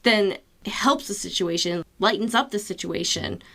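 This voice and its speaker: A woman's voice: mid-range voice, expressive, normal speed, creaky, bright, forceful tone. A woman co-hosting a podcast, chatting casually about a film and laughing often. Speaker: podcast co-host. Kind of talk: casual film-review chat.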